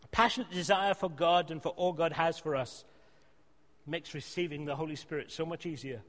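High-voiced preacher in a reverberant hall. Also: male voice, fairly quick. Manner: earnest, emphatic, rising to loud exhortation then dropping soft. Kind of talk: sermon. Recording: long reverb of a church hall.

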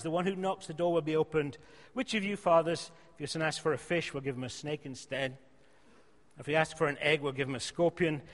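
In a hall with long, trailing reverb, a preacher with a fairly high male voice delivers an emphatic, earnest sermon a little fast. He presses each point forcefully, swelling into loud exhortation, then eases down into gentle, quieter appeals.

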